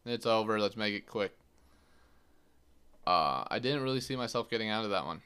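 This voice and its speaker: Young guy podcasting, lowish smooth voice, rambly and casual, swears a lot. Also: lively intonation, moderate pace, sharp tone. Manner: loose and chatty, full of "like" and swearing. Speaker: podcast host. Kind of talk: casual storytelling monologue.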